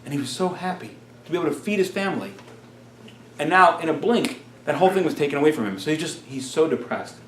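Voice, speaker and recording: A man's voice: on the high side, animated, quick pace, fairly bright tone, roomy sound, far from the mic, slight background noise. A man, a rabbi, telling a story in a Torah class and acting out the characters' lines.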